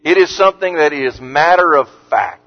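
A man preaching an earnest sermon as pastor, lifting his voice on scripture quotes and dropping low and soft on words of comfort. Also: moderate pace. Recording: muffled sound with long hall reverb.

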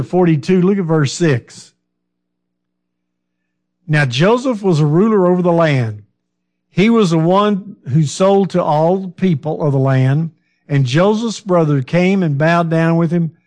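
Slow, higher-voiced man preaching. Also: a little mellow. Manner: slow, conversational, asks the listeners questions; fillers and restarts, loses his train of thought. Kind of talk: sermon.

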